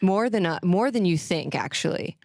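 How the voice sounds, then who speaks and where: A woman co-hosting a comedy podcast, speaking in a deadpan, mock-serious way. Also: on the low side, moderate pace, vocal fry, dry recording, clean studio sound. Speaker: podcast co-host. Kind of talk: deadpan comedic sketch chat.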